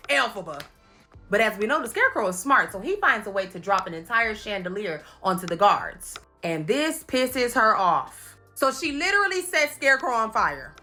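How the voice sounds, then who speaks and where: Bright, high-voiced woman host, playful recap commentary, lots of laughs. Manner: animated, laughing, playful impressions. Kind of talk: comedic movie recap commentary.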